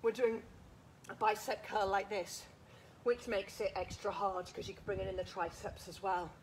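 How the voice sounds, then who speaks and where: A woman's voice: mid-range voice, flat delivery, moderate pace, a little hiss or hum. A woman leading a live workout class, counting reps, cueing moves and encouraging everyone while a bit out of breath. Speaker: fitness instructor. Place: outdoors.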